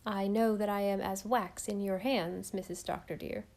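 A woman voicing a devoted, practical older housekeeper who speaks briskly and earnestly. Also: mid-range voice, fairly even intonation, a little mellow, lightly acted.

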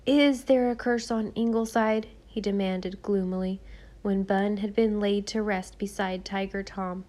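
Calm and even, a woman's mid-range voice carries the scripted audiobook narration of a children's classic. Her delivery is expressive but measured.

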